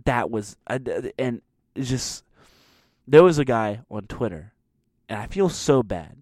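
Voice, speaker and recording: A man's voice: mid-range voice, unhurried, no echo. Man ranting in a dry room. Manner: animated mocking rant with acted-out quotes. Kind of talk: ranting sports commentary.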